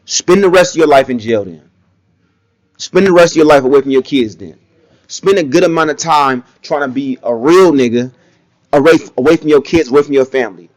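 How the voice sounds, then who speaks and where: A man talks in blunt, animated commentary and slips into mocking impressions as he goes. His voice sits a bit high for a man. The recording is dry and close, with almost no room sound. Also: no room sound. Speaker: commentary vlogger. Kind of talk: casual opinion commentary.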